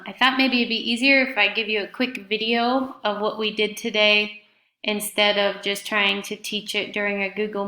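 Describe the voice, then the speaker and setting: A woman's voice: medium pitch, pushed and bright. A woman teaching a fifth grade class in a recorded remote lesson, speaking patiently and spelling out words letter by letter. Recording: echoey room.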